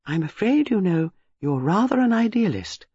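A man voicing a gentle, shrewd elderly Englishwoman who speaks quietly. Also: extremely high pitch, huge pitch swings, unhurried, dry recording, highs cut off, pitched above the performer's own voice, exaggerated voice.

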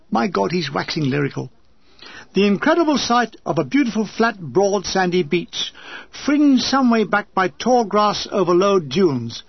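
A man reads his own war memoir aloud, lyrical one moment and wry the next, with comic asides. His voice sits high. The recording is dull and dry, with no room sound. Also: no room sound. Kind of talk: audiobook reading with comic asides.

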